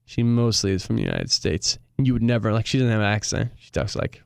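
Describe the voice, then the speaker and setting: Smooth-voiced young man, casual and joking. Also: lowish voice, quick pace, no echo, studio quality. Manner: reflective, joking. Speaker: guest musician. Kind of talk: casual chat.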